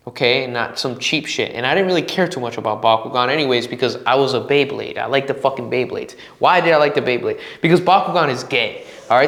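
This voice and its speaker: A man's voice: mid-range voice, fairly bright tone. A man in his twenties hosting a solo podcast, telling a rambling, profanity-heavy story and acting out his own quotes. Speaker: podcast host. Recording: roomy echo.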